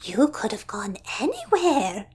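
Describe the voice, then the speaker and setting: Sweet, effusive storybook sister, a woman narrator doing the voice. High and bubbly. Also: wildly swooping pitch, a little slow, slightly rough, heavily acted. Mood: delighted. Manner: effusive, sympathetic. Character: gushing, sweet-natured sister.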